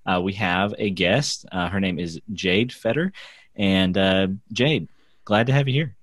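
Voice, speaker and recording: A man with a deep voice hosts a casual podcast, joking and playful and quick to laugh. The sound is close and dry. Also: a bit bright, no room sound. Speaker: podcast host.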